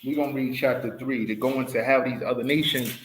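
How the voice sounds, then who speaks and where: A man's voice: mid-range voice, fairly even intonation, fairly quick, slight background noise, rough recording. Casting: man teaching a Bible study, emphatic, keeps asking "right?". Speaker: teacher leading scripture study.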